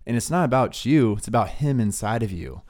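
Young male co-host, relaxed storyteller with a skater-slang manner, mid-pitched. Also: a little fast. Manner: laid-back, says "dude" and "like" a lot. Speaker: podcast co-host. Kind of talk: casual faith talk, storytelling.

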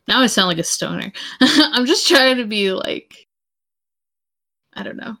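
A woman's voice: fairly high pitch, animated, measured pace, long pauses, pushed and bright, poor audio. A woman playing a tabletop game, hesitant and self-deprecating, rambling. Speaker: player. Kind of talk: casual tabletop play.

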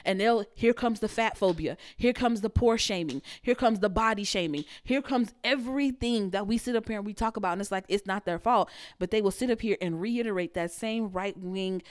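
A woman podcast host delivers a blunt, profanity-laced rant in a casual monologue. Her voice sits mid-pitch, and she slips into mocking impressions of the people she quotes. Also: fairly quick, few pauses. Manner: blunt, profane, ranting, animated.

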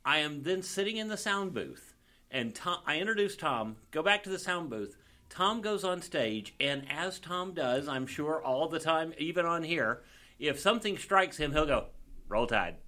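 A man's voice: fairly high pitch, normal speed. A man from Mississippi with a Southern accent, a comedian and attorney chatting as a podcast guest and telling stories with frequent chuckles. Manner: chuckling, animated storyteller. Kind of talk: casual podcast chat.

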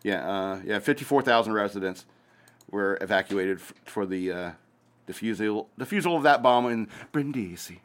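A man's voice: on the low side, animated, normal speed. A man hosting a casual news commentary show, reading headlines aloud with hesitant fillers and breaking off into sarcastic asides. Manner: hesitant, many fillers and restarts while reading.

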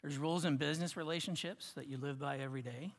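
A man preaching a sermon, swinging from loud emphasis to hushed, near-whispered lines. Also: on the high side, steady tone, fast talker, long reverb tail. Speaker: pastor.

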